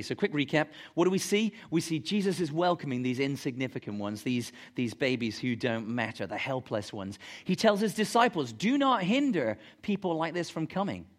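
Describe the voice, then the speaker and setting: Conversational preacher man. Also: mid-range voice. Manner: conversational, emphatic, asks the congregation questions. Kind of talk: sermon. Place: church gathering room.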